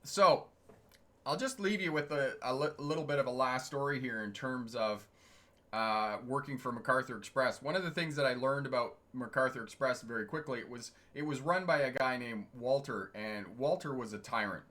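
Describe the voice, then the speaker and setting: A middle-aged man with a bright, clear, mid-range voice tells stories at a normal speed on a casual livestream. A truck driving instructor and the channel's host, he digresses chattily, chuckles often, and pauses now and then to answer viewers' comments.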